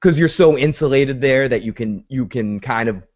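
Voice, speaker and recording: A man's voice: mid-range voice, moderate pace. Man animatedly acting out TV scenes. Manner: retells scenes by acting out characters' lines. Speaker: podcast host. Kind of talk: casual TV recap chat. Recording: dull lo-fi podcast audio.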